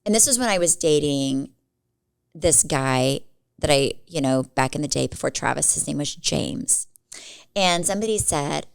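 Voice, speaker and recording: A woman's voice: low voice, lively intonation, moderate pace, gravelly, smooth. A woman in her forties co-hosting a podcast, telling stories in a casual, rambling way and leaning on "like" a lot. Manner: chatty storyteller, filler-heavy with frequent "like". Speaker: podcast co-host. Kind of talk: casual chat.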